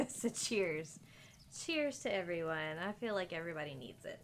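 A woman's voice: fairly low pitch, very animated, measured pace, a little hiss or hum. A woman streamer chatting casually with viewers while she plays, laughing often and cooing at her pet. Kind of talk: casual live-stream chat.

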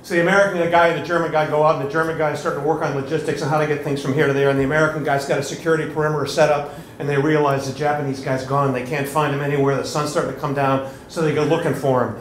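A man's voice: fairly high pitch, little pitch movement, rapid-fire, a little hiss or hum. A man from Chicago, an audience member, telling a joke in a plain, matter-of-fact way at a comedy club. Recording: roomy club sound with faint ambience.

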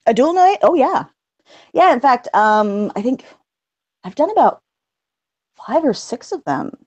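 A woman audiobook narrator with a low register, chatting as an interview guest and laughing often. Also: sing-song, measured pace, darkish tone, no room sound, dull audio. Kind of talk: casual interview chat.

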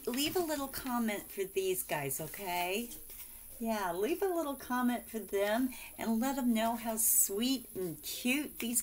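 A woman vlogger chatting casually and gushing over cards and mail sent by friends, exclaiming and giggling often. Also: medium pitch.

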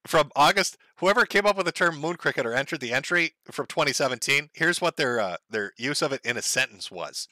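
A man's voice: a little high, lively intonation, brisk, few pauses, sharp tone, dry recording. A man hosting a casual livestream, reading chat aloud and joking crudely, often breaking into laughter.

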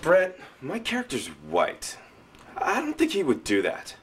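A man's voice: fairly high pitch, huge pitch swings, unhurried, slight background noise. A man playing a self-serious, pretentious actor who overplays toughness in an indie comedy. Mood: earnest. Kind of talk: indie comedy drama acting.

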